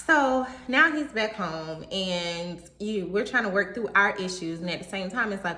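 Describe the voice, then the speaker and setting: Young woman, casual storytelling, animated, mid pitch, echoey room. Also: measured pace. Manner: animated, talks straight to viewers. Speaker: vlogger. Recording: roomy echo.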